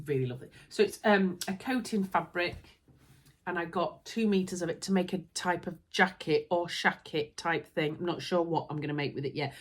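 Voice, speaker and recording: A woman with a Yorkshire accent chatting casually to camera as a sewing vlogger, giggly and often interrupting herself. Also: on the low side. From Yorkshire, England.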